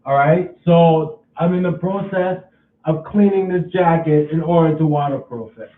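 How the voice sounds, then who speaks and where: A man's voice: on the high side, echoey room, distant mic, phone-quality sound. A man casually vlogging at home, rambling and restarting his sentences as he talks through a chore. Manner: rambling, repeats himself, halting restarts.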